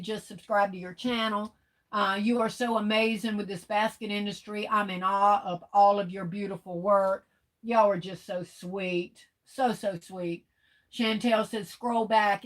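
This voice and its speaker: Chatty woman hosting a livestream. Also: fairly high pitch. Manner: chatty, reads viewer comments aloud and answers them warmly. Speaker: livestream host. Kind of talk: casual livestream chat, reading comments aloud.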